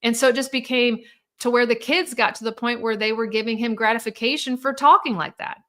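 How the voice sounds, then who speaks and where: Woman host, bright tense voice, blunt and candid about hard family topics, live to viewers. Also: on the high side, steady tone, brisk. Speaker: divorce coach hosting a live show.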